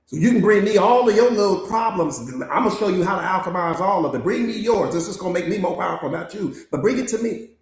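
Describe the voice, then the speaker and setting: A man with a fairly high voice delivers a motivational master class as a coach. His delivery is emphatic and preaching, with points hammered home through repetition. The sound is roomy, with noticeable echo. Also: lively intonation, fast talker, hardly any pauses.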